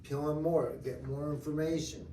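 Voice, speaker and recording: Animated man teaching a class. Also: on the high side, normal speed, a little hiss or hum. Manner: animated, acts out client dialogue. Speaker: real estate trainer. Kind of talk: live training class. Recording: echoey room from far off.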